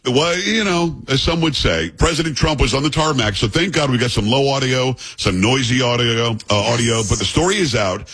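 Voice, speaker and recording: Brief: a husky male radio host, lively up and down, joking and rambling. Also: mid-range voice, a little fast, few pauses. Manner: rambling, joking storyteller with restarts. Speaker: radio talk show host. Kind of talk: casual radio banter.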